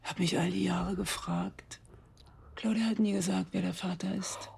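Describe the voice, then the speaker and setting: An actress playing a troubled woman in film drama dialogue, speaking in a hushed, husky voice. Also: on the low side, fairly even intonation, moderate pace, no echo, heavily acted.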